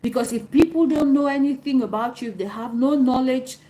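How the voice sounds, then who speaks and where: A woman's voice: high-pitched, a little fast, warm tone, rough recording. Woman on a livestream lecturing her viewers, earnest, faint hiss behind her. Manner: earnest, lecturing, answers viewers' comments by name. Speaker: livestream host. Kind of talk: advice talk on a livestream.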